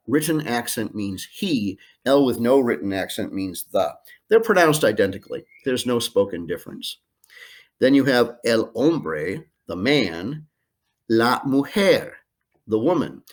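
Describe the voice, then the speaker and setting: Low-voiced man teaching a slow lesson. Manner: slow, careful modeling of phrases with filler ums. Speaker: Spanish teacher. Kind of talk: recorded screencast lesson. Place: home.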